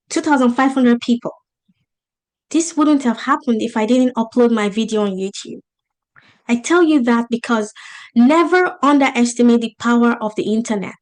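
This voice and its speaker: Woman business coach, non-native English accent, slightly high pitch, emphatic motivational delivery over a video call. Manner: motivational, emphatic, rhetorical questions. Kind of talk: webinar teaching.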